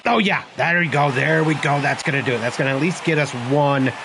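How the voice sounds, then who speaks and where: A young man giving live, excitable commentary over his baseball video game, groaning and cheering at each pitch. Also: quick pace, gravelly, noisy background. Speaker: gaming channel host.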